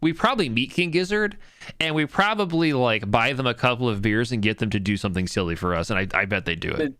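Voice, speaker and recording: Podcast co-host, male, bright crisp voice, rambling and profane. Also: mid-range voice, expressive, quick pace, no echo, clean studio sound. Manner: rambling, lots of fillers and "like"; profane, enthusiastic. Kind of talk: casual chat.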